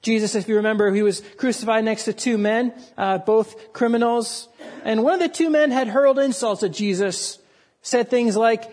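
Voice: mid-range voice, moderate pace, darkish tone. A preacher giving a sermon to a congregation, speaking earnestly and with emphasis.

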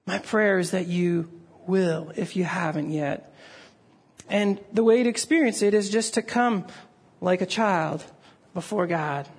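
A middle-aged man preaches to his congregation in an earnest, pleading way, his voice rising as he presses a point. The tone is breathy and slightly husky. He speaks like a pastor drawing listeners toward a personal response. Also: high voice. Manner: earnest, pleading, rises when stirred. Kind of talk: sermon. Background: gathered congregation.

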